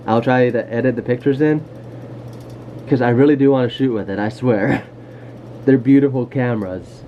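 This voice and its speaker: A man's voice: mid-range voice, a little hiss or hum. A man vlogging casually about his camera collection, rambling off topic with goofy, self-deprecating jokes. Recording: dull lo-fi home video sound.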